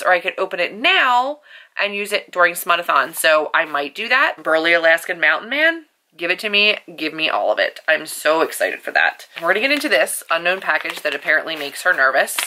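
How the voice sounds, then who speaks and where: Young female book vlogger, animated and gushing, crisp bright voice, home bedroom. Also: fairly low pitch. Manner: gushing and animated, quick asides, lots of "like". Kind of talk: casual vlog chat.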